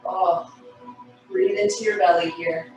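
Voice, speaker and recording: A woman talks a class through gentle stretches, her voice soothing and breathy with the odd sigh. Her voice sits a little low. She sounds far from a laptop mic in a very echoey room, with clear music playing behind her. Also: takes it slowly. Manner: soothing, breathy cues with sighs and yawns. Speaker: stretching instructor. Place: home room on a video call. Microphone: laptop mic on a video call. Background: background music.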